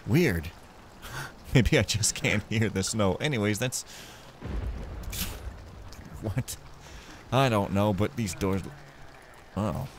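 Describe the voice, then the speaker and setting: A man's voice: fairly low pitch, lively intonation, takes it slowly, long pauses, a little hiss or hum. Guy rambling thru a sneaky game, voice bouncing all over, goofy asides. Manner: playful, rambling, jokey asides. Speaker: let's play gamer. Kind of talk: casual game commentary.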